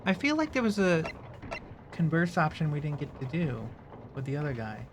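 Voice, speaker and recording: A woman's voice: deep voice, very animated, normal speed, background noise. A woman chatting and teasing her friend while playing a game together. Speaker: game player. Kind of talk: casual let's play chat.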